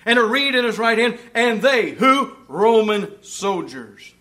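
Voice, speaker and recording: A man preaching a sermon, reading scripture aloud, asking rhetorical questions, and swinging between loud emphasis and hushed asides. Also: high-pitched, sing-song, unhurried. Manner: asks the congregation rhetorical questions.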